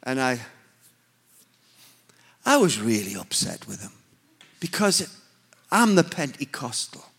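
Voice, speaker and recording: A man's voice: mid-range voice, very animated, takes it slowly, gravelly, pauses often, a bit bright, husky. A man with a Northern English accent, a preacher telling a story in a sermon with humorous, emphatic, self-mocking delivery.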